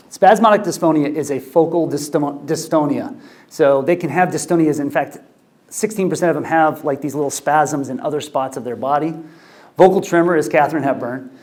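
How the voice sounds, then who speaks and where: A middle-aged man lecturing as a doctor, with a slightly higher pitch than most men. He talks loosely and conversationally, full of ums and false starts. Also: darkish tone. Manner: conversational, many fillers and restarts. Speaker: ENT physician lecturer. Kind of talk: medical lecture.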